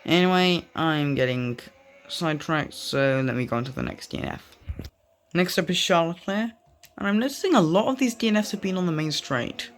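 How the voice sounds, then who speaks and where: A man's voice: a little high, expressive, a little fast, soft background music. Rambling young man narrating gameplay. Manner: rambling, goes off on tangents. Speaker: gaming video creator. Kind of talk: casual gameplay commentary.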